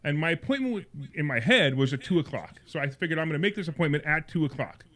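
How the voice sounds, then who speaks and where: A fairly bright, high-leaning male voice, animated and quick, belongs to a radio talk show host on a call-in program. His long personal story rambles with restarts and repeated words, and he gets steadily more indignant and heated.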